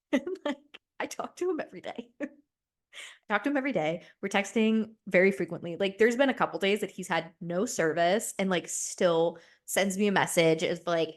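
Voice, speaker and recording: A woman's voice: mid-range voice, expressive, moderate pace, a bit bright. A woman in her twenties hosting a solo podcast, talking casually and animatedly, rambling with lots of "like" and "right?" and swearing freely. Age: 20s. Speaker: podcast host.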